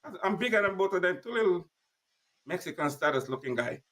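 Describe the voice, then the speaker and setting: A man with a fairly high voice tells his story emphatically, speaking plainly and acting out each exchange. His voice sounds set back from the microphone, a little distant. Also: expressive, a little fast, bright, forceful tone. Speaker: guest. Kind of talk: personal storytelling.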